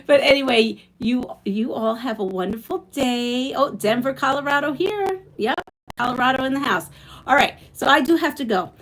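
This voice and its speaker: A woman's voice: high voice, lively intonation, normal speed, a bit bright, poor audio. Chatty Brooklyn woman hosting a live stream. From Brooklyn, New York. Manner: chatty, reminiscing, reads viewer comments aloud. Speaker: quilting channel host. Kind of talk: casual live-stream chat with viewers.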